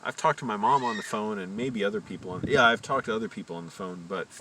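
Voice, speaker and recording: A man's voice: lowish voice, quick pace. A man from Virginia telling a long rambling story in a casual, amused, self-correcting way. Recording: distant mic with loud background noise.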